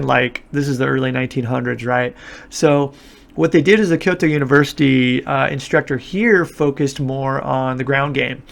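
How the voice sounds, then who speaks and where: A man's voice: mid-range voice, gravelly. A man talking casually in a podcast interview, explaining things at length with frequent fillers and restarts. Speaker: guest, martial arts instructor. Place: Japan.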